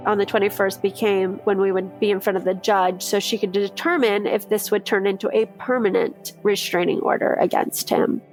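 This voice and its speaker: A woman, a mother, telling her own story in a podcast, candid and emotional, acting out the lines of the people she talks about. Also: medium pitch. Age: adult, mother of a daughter. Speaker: interviewee recounting her experience. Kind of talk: personal testimony in a true-crime podcast.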